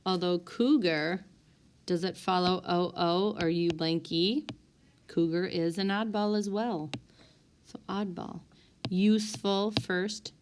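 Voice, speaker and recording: A woman teacher giving a recorded spelling lesson, sounding out words one by one with deliberate dictation. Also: on the low side, slight background noise. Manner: slow, deliberate word-by-word dictation. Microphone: tablet microphone.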